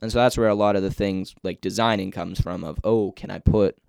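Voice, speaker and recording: Young man, gravelly low podcast voice. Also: fairly even intonation, fairly quick, darkish tone, no echo, studio quality. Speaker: podcast co-host. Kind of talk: casual chat.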